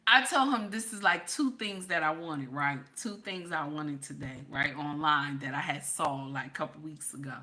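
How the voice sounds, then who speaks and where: A woman's voice: sits low, moderate pace, hardly any pauses. A woman, host of a casual livestream who reads chat comments aloud and teases her viewers. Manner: animated, teasing, talks straight to chat viewers.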